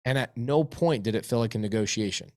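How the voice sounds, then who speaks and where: A man's voice: fairly low pitch, fairly quick, no echo, studio quality. A man being interviewed, telling business stories with emphatic repetition. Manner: emphatic, repeats phrases for effect. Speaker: interview guest, real estate investor. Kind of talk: energetic storytelling in an interview.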